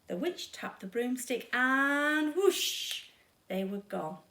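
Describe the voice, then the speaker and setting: Woman reading a kids story, super expressive, slow, echoey room. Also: high voice, far from the mic. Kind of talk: children's read-aloud storytime.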